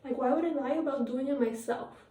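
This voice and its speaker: A woman's voice: sits high, a little fast, dark tone. A teenage girl chatting casually while getting ready, rambling with lots of fillers and retelling what others said. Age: teens. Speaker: vlogger. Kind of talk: casual get-ready-with-me chat. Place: home bathroom. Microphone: tablet propped a little far away. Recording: echoey bathroom, mic at a distance.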